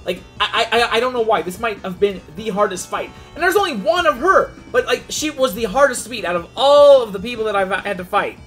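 A man's voice: high voice, animated, brisk, hardly any pauses, fairly bright tone, faint music behind. A man hosting a gaming channel, giving an unscripted, goofy recap of a game's story mode with frequent restarts.

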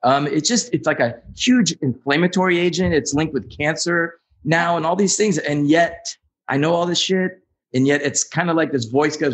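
A man's voice: fairly high pitch, moderate pace. A man hosting a podcast interview, talking candidly and casually and repeating words as he goes. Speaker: podcast host.

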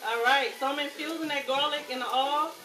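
A woman with a Southern US accent chatting excitedly to viewers while she cooks in her home kitchen. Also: high voice, brisk, music in the background. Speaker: home cooking vlogger. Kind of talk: casual cooking chat to viewers. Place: home kitchen with food sizzling. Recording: noisy kitchen background.

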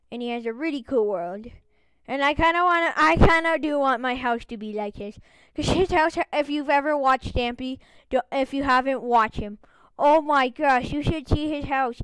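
A woman chatters through a casual let's-play, bubbly and quick to exclaim. Her voice sits high and comes across smooth and clear. The sound is close and dry, with no room around it. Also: no room sound. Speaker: gaming channel host.

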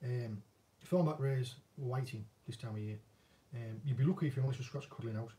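A man with a northern English accent speaks fairly quickly in a medium-pitched, dark-toned voice, a bit distant from the mic. He's an angling vlogger and former commercial fisherman, answering viewer questions in a casual, self-deprecating way.

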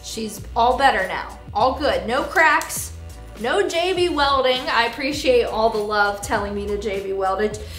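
A woman's voice: fairly high pitch, fairly bright tone. A woman motorcycle vlogger talking casually and candidly while upset and tearful, swearing now and then. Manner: candid, swears, laughs between lines. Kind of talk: casual vlog chat. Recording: echoey room with faint music.

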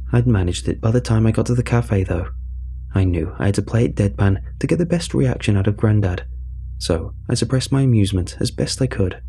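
A man narrating a scripted horror story in a measured, wry way. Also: on the low side, dark tone.

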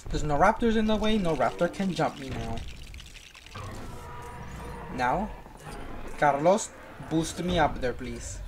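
Goofy gamer yapping over gameplay, mid pitch, bit of faint hiss behind. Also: slow, long pauses. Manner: playful, excitable, teasing a friend. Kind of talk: casual gameplay commentary.

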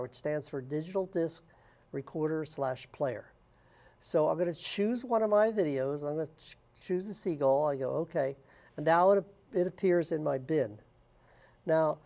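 A man walking through software steps one at a time in a plain, unscripted way, with frequent "uh" fillers. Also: on the high side. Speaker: software tutorial instructor. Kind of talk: screen-recorded software walkthrough.

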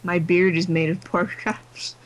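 Sleepy, slow-talking giggly woman gamer. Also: lowish voice, level tone, poor audio. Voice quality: giggly, talks to herself and the game. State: exhausted, sleepy. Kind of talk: late-night gameplay commentary.

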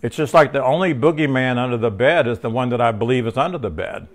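Animated and quick, a man with a medium-pitched voice delivers a casual, conversational Bible teaching. He rambles, restarts often, uses filler words, veers into personal stories, and checks in with tag questions.

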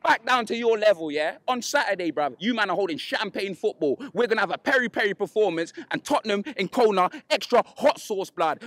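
A man's voice: high voice, expressive, brisk, few pauses, fairly bright tone, no room sound. A man with a London accent, a guest trading boastful, slang-heavy football banter.

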